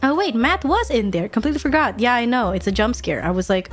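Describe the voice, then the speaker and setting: Giggly, excitable young woman streamer. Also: mid-range voice, quick pace, soft background music. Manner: giggly, excitable, swears casually, repeats quotes. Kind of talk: casual stream chat.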